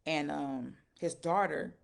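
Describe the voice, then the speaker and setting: A woman's voice: sits low, slow, gravelly. A woman recounting a painful personal story in a casual, rambling, emotional way, often repeating herself. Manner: emotional, animated retelling. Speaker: live-stream storyteller.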